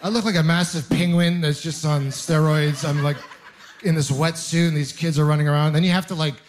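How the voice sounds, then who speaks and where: A man's voice: fairly high pitch, steady tone, fairly quick, slight background noise. A young adult man doing a stand-up comedy set on stage, rambling and self-deprecating, with punchy storytelling. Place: comedy club stage with laughing audience.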